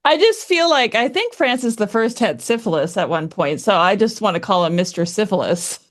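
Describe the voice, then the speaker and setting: A woman with a middling but very animated voice chats on a history podcast. She laughs often and reacts eagerly. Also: medium pitch, normal speed. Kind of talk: casual chat.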